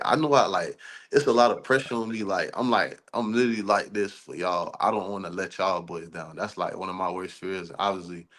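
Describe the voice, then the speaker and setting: Deep-voiced young man, laid back. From Florida. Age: young adult. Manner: relaxed, rambling, fillers like "you feel me". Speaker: college football player, guest. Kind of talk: casual podcast interview.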